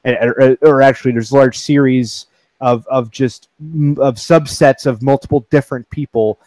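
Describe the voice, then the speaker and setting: Hesitant man, middle pitch, dry recording, casual group chat. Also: fairly even intonation, darkish tone, dry recording. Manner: hesitant, halting restarts.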